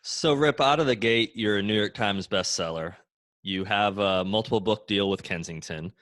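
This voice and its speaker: A man's voice: on the low side, moderate pace, a bit bright, no echo, studio quality. A man interviewing a guest in a casual chat, asking rambling, hesitant questions. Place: home den.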